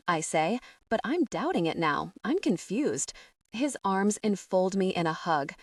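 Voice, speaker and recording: A woman narrating a first-person fantasy audiobook in a measured, expressive way. Her mid-pitched voice is recorded dry, with no room sound, and sits a little away from the microphone. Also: no echo. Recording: dry, somewhat distant from the mic.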